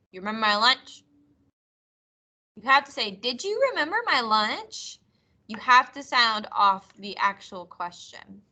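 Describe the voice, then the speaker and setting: A woman teaching a class over a video call, her voice bright and a little high. She explains each point clearly, reading example sentences aloud with expression. The sound comes through a computer mic. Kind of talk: online class lesson.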